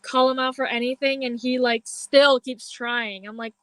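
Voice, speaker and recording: A young woman talks through a story in a loose, chatty way, filling her sentences with "like" and acting out what others said. Her voice sits a little high. The sound is dry and close. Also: fairly even intonation, moderate pace, a bit bright, no echo. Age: young adult. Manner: chatty storytelling, heavy use of "like", acts out quoted lines. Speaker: podcast co-host. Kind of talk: casual chat.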